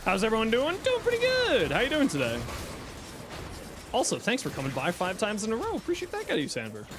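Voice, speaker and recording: A man talking on a casual live stream while he plays a game, with a slightly higher-than-usual voice that bounces up and down as he chats. He reads viewer questions aloud and answers them in an easygoing, jokey way. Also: wildly swooping pitch, fast.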